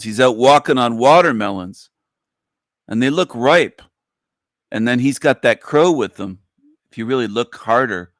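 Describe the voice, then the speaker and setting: A man's voice: a bit bright, dry recording. Combative, mocking man host, dry sound. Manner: sarcastic, with falsetto whining impressions. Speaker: livestream show host. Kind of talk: ranting livestream talk.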